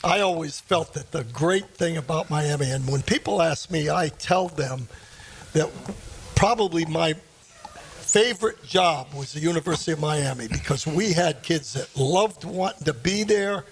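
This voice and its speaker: Radio co-host: gravelly, higher-pitched man, reflective questioner. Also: moderate pace. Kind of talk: radio interview.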